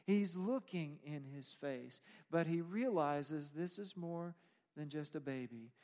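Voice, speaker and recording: A man's voice: on the high side, slow, a little mellow. A man preaching a sermon as pastor, explaining scripture in an emphatic way. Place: church sanctuary. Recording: long reverb of a church hall.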